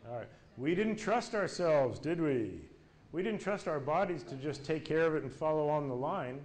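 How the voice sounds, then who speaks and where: A man's voice: a little high, lively intonation, moderate pace, a little mellow. A man giving a talk to a live audience as a corporate speaker, leading them through hands-on exercises.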